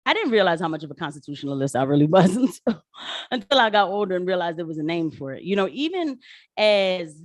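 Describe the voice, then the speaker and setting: Her voice on the low side and her pace fast, a woman political commentator livestreams in a dry recording. She keeps it chatty and slangy, animatedly calling viewers "y'all" while hopping from tangents to opinions.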